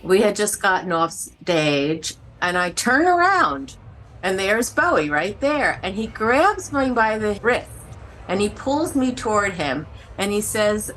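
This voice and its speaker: A woman on a podcast telling a wry anecdote with quick asides. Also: medium pitch, very animated, fairly bright tone, soft background music. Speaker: interviewed guest telling a story. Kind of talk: casual anecdote.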